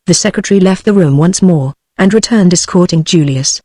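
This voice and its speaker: A synthetic text-to-speech woman's voice with a British English accent, narrating a novel at a steady, even pace. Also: on the low side, brisk, dry recording. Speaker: audiobook narrator.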